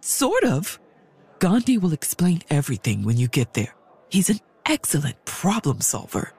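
A woman playing a brisk, eccentric aunt who sneaks up on the kids, with a husky, matter-of-fact, wry delivery in an audio drama. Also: sits low, huge pitch swings, a little mellow, exaggerated voice.

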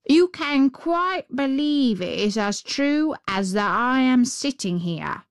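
A woman voicing a thoughtful, slow-spoken talking crow in a storybook reading, speaking in a deliberate way. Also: high voice, animated, clean tone, no room sound, studio quality, pitched above the performer's own voice, heavily acted. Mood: storytelling.

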